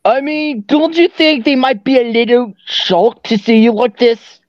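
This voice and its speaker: A man voicing a grumpy, sarcastic male ogre husband in a fan dub, gruff and attempting a Scottish accent. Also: very high voice, measured pace, no echo, dull audio. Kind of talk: fan dub of an animated film.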